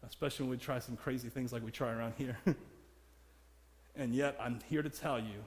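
A man delivers a sermon in a church sanctuary, cracking jokes at his own expense and laughing frequently. His medium-pitched, slightly mellow voice has fairly even intonation and normal speed, heard in a large hall.

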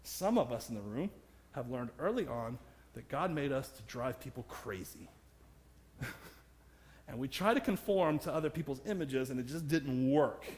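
Joking preacher in a reverberant church. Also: male voice, mid-range voice, lively intonation, normal speed, a little mellow, slight background noise. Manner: humorous, self-deprecating, laughs often. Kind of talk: sermon. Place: church sanctuary.

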